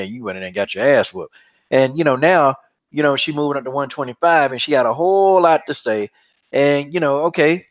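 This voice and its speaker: A man hosting an MMA podcast who talks in a heated, mocking way, repeating himself and swearing freely. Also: mid-range voice. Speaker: podcast host. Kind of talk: heated casual MMA chat. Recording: dull, lo-fi podcast audio.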